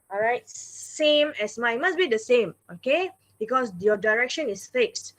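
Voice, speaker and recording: Woman math teacher, patient and repetitive, slightly high voice, online class. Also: fairly bright tone. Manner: patient, repeats "all right" and "okay" often.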